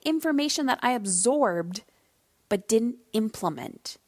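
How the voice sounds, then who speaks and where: A woman hosting her own podcast, telling personal stories in a candid, conversational way and slowing down to stress key points. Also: a little high, no room sound. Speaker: podcast host. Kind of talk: solo podcast monologue.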